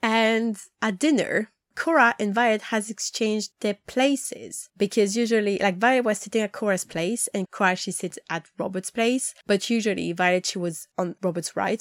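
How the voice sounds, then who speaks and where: This podcast host's mid-range voice moves at a moderate pace, with hardly any pauses, in a dry, studio-quality recording. Chatting casually about a TV episode, she replays the scenes animatedly and acts out the dialogue.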